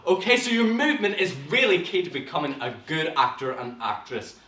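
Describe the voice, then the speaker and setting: Lively, theatrical Northern Irish drama teacher in an echoey room. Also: male voice, on the high side, a little fast, recorded from a distance. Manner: animated and theatrical, with gasps and sudden bursts. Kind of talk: online acting class, addressing viewers.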